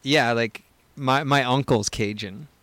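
A man co-hosting a podcast asks teasing, probing questions in loose casual chat. His voice sits at a middling pitch. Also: a little slow, a bit bright, no room sound. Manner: probing, joking interviewer. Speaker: podcast co-host.

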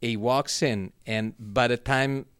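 A man guest telling rambling stories in a casual chat, often halting and restarting. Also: mid-range voice, fairly even intonation, fairly bright tone, clear, resonant tone, dry recording, clean studio sound. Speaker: guest filmmaker. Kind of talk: casual storytelling.

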